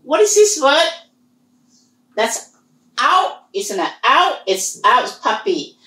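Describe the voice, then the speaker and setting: A woman teaching a language lesson, slowly repeating sounds and words for her students. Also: sits high, sing-song, sharp tone, reverberant, distant mic, low-quality recording. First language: Hmong. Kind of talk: slow online language lesson.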